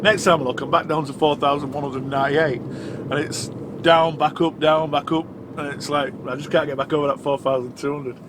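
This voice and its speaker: A man's voice: fairly high pitch, steady tone, fairly quick. A middle-aged man from England, chatting casually and self-mockingly while driving his truck. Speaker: trucker vlogger. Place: truck cab on the road. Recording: noisy truck cab.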